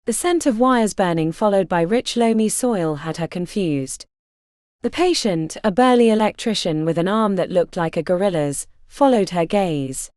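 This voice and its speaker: A woman reading a fantasy novel aloud with lively, rolling intonation. Her timbre is dark and mellow, and the close, dry studio sound leaves no room echo at all. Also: medium pitch. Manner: expressive storytelling. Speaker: audiobook narrator. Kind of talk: scripted narration.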